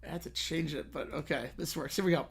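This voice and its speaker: A man's voice: a little high, quick pace, vocal fry, slightly rough. A man hosting a live stream, rambling, laughing and interrupting himself as he improvises a story. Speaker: streamer host.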